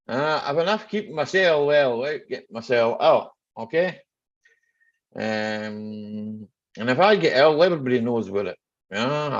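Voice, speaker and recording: A middle-aged mechanic hosts a rambling, joking livestream chat, greeting viewers by name. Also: male voice, lowish voice, vocal fry. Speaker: mechanic hosting a live chat stream. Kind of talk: casual livestream chat reading viewer comments. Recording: dull lo-fi stream audio.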